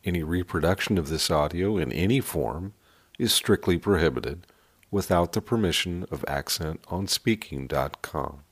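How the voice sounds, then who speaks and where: A man announcing a course recording in a formal, measured scripted read. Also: deep voice, breathy edge.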